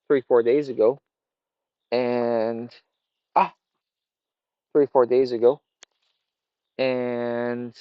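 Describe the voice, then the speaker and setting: A man's voice: mid-range voice, no room sound. Hesitant rambling man, dry dull sound. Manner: rambling, hesitant, many fillers and restarts. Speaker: vlogger. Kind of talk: casual reflective monologue. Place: outdoors by a fire.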